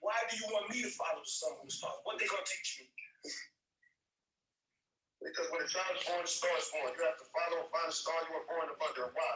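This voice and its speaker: A man's voice: fairly high pitch, fast talker, sharp tone, echoey room, recorded from a distance, poor audio. A man hosting a live stream, preaching loosely and emphatically to listeners, using street slang and calling them man and brother.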